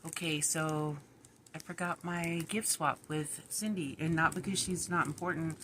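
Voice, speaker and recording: A middle-aged woman talks to her vlog audience in a loose, rambling way, giggling now and then. Her voice is bright and a little sharp. She sounds tired and worn down. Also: low voice, steady tone, moderate pace, slight background noise. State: tired, run down. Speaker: vlogger. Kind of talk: casual vlog chat.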